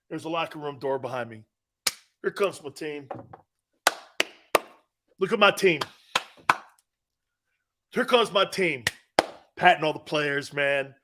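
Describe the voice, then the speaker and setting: A man hosts a casual sports talk show with a high, bright, forceful voice. He riffs in a mocking tone and breaks into laughter often. He drops into quick impressions of the people he talks about. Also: lively intonation.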